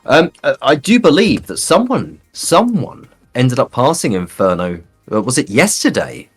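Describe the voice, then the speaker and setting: A man's voice: medium pitch, sing-song, a little slow, slightly rough, faint music behind. A man hosting a live gaming race stream, bantering playfully and theatrically and calling his guests sir.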